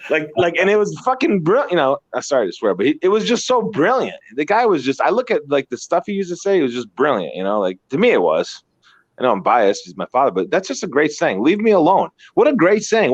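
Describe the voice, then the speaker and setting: A man's voice: fairly high pitch, dry recording. A man chatting casually and animatedly, telling stories, swearing freely and repeating words as he goes. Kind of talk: casual chat. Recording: dull dry lo-fi sound.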